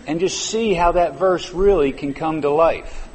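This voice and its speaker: A man's voice: a little high, normal speed, few pauses, darkish tone, husky, long reverb tail. A man in his fifties preaching a sermon in a church, conversational and drawing out key words for emphasis. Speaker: pastor. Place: church sanctuary.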